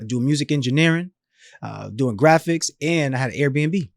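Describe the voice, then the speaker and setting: A man in his thirties telling his life story as a podcast guest, animated and emphatic, with slangy phrasing, often acting out other people's voices. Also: medium pitch, moderate pace, vocal fry, no echo, studio quality. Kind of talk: storytelling in a casual interview.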